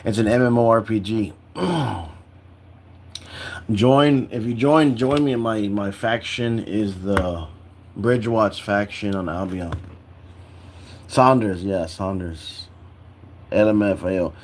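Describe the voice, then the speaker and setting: A man's voice: lowish voice, takes it slowly, pauses often, a little hiss or hum. Tired, rambling young man on a stream. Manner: rambling, full of "like" and restarts. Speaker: livestreamer. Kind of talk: casual rambling livestream chat.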